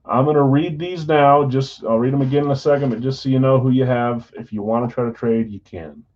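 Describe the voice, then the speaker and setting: A man hosting a live sports card break stream, chatting casually and reading out names and teams in quick lists. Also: medium pitch, fairly even intonation, darkish tone, lo-fi sound.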